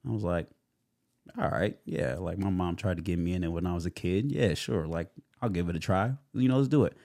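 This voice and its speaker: A young adult man, a guest in a casual interview, telling his story in an animated way with lots of fillers and acted-out quotes. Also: sits low, fairly quick, creaky, no room sound, studio quality. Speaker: guest, actor.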